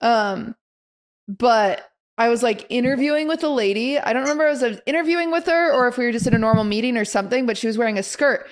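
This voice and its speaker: A young woman with a fairly high voice co-hosts a podcast in relaxed, casual chat. She tells stories with animation, jumping into quoted reactions as she goes. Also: fast. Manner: animated storyteller who acts out quoted reactions. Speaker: podcast co-host.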